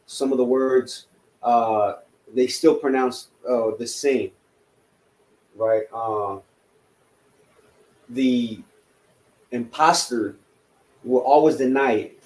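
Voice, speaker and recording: A man's voice: medium pitch, a little mellow, reverberant, rough recording. A man teaching a language class in a loose, rambling lecture, full of fillers and tag questions. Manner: rambling, many fillers and rhetorical "right?".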